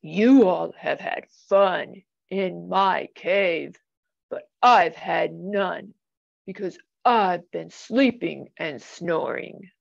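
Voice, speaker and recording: Woman reading as sad picture-book bear, low and slow, gravelly edge, lo-fi. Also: no room sound, full character voice. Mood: glum. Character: big sad male bear, left out.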